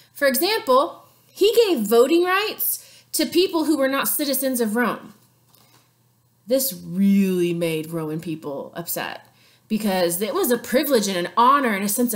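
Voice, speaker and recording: A woman teacher giving a playful, chatty history lesson with sarcastic asides. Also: a little high. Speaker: sixth grade teacher.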